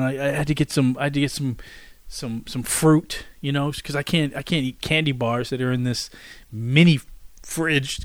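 A man's voice: medium pitch, no echo. A man hosting a solo podcast, telling a rambling story with lots of restarts and asides. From Washington, D.C. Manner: rambling, repeats himself, animated storyteller. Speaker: podcast host.

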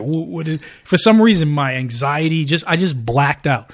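A middle-aged man co-hosting a podcast in casual chat, a rambling storyteller who gets animated and laughs often. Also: a little high, brisk, hardly any pauses. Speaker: podcast co-host.

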